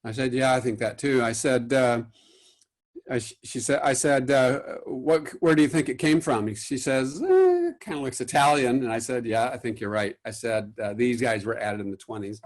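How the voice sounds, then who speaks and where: A man giving a recorded lecture on caring for artworks, at a middle pitch. He tells stories in a rambling way, with many "uh"s and false starts, and acts out the voices of clients on the phone. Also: expressive, moderate pace. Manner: storytelling, acts out quotes, many fillers and restarts. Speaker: art conservator giving a lecture.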